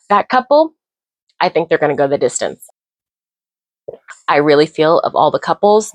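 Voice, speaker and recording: A woman's voice: sits low, dry recording. A young woman chatting casually at bedtime, chatty and opinionated, getting heated as she rants. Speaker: vlogger.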